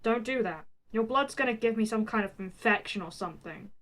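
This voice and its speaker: A man's voice: sits high, lively intonation, a little fast, a bit bright. A woman voicing a cocky, teasing young male hero with wings who talks in casual slang.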